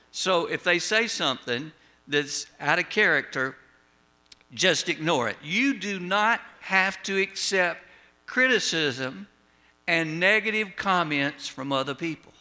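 Older pastor, wry folksy storyteller, higher voice, sharp and bright. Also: male voice.

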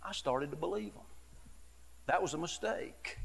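A middle-aged man preaches a sermon in a somewhat high voice, telling stories earnestly and casually. His voice rings out with a long church-hall reverb. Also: moderate pace, vocal fry, husky. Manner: earnest, conversational storytelling with frequent "you know". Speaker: associate pastor.

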